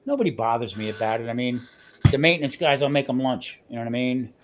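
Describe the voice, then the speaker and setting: A man with a New Jersey accent, telling stories in a casual chat, animated and full of restarts. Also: medium pitch, quick pace, a loud crowd. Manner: animated storyteller, restarts often. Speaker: guest cook on a grilling livestream.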